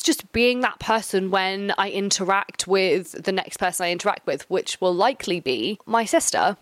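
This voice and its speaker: A woman's voice: medium pitch, no room sound. Chatty young woman, dry close sound. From England. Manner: chatty, warm-hearted, rambling asides. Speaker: podcast host. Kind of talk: casual solo podcast chat.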